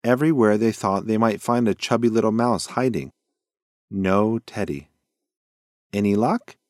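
A man reading a children's bedtime story aloud in a gentle, lively storytelling way. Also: lowish voice, normal speed, dry recording, clean studio sound. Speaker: narrator.

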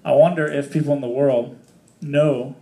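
A man's voice: mid-range voice, steady tone, moderate pace, vocal fry, warm tone. A man leading a casual Bible study for a small group, reading scripture aloud and explaining it in a chatty, joking way with many fillers.

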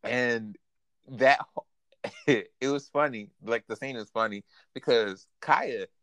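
A man's voice: medium pitch, slow pace, a bit bright, no echo. A man co-hosting a casual recap podcast, talking animatedly, laughing often and quoting characters in a raised voice. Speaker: podcast co-host. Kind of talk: casual anime recap chat.

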